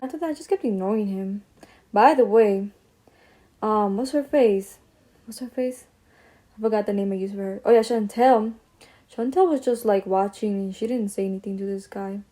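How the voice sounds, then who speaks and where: A young woman talks through a story while she does her makeup. She is chatty and slangy, with asides and tangents. Her voice is mellow and soft rather than bright, at a middling pitch. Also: moderate pace. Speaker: beauty vlogger. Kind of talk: casual story time while doing makeup.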